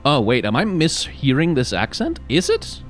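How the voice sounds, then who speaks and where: Excitable rambling gaming commentator. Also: male voice, medium pitch, normal speed, faint music behind. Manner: chatty, rambling, excitable, many fillers. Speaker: gaming video host. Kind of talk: casual let's-play commentary.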